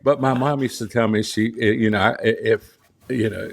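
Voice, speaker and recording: A man's voice: mid-range voice, fairly even intonation, fairly quick, vocal fry. A middle-aged man with a Southern US accent, a portrait photographer and studio owner, speaking as an interview guest in his studio. He talks earnestly and with emphasis, often restarting and repeating his key phrases. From Southern United States. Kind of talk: conversational interview storytelling.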